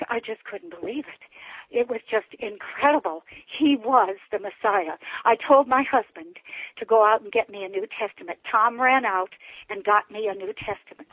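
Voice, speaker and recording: A woman's voice: mid-range voice, no echo. An older woman giving an emotional personal testimony as a guest, telling her story with many restarts. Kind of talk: personal testimony on a call-in show. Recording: tinny phone line, dry.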